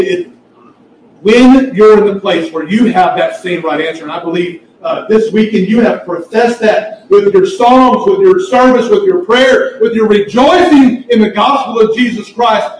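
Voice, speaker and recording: A man preaching a sermon with impassioned emphasis that builds toward near-shouts. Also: high voice, unhurried, a little hiss or hum. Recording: echoey hall, heard from far off.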